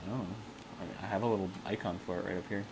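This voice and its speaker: A man's voice: low voice, steady tone, rapid-fire, background noise. A man hosting a casual livestream, talking playfully and rambling with a chuckle, into a desk mic. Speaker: livestream host.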